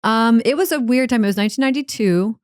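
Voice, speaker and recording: A woman from Northern Ireland with an American accent with Irish traces, a stand-up comedian chatting casually on a podcast, laughing often and telling stories quickly. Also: fairly high pitch, dry recording, clean studio sound.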